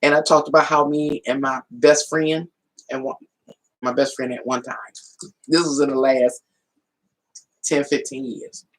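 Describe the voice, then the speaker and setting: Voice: medium pitch, level tone, measured pace, pauses often, low-quality recording. A tarot reader on a live stream telling a folksy, casual story, laughing often and talking to viewers as y'all. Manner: folksy, colloquial storytelling with quoted dialogue.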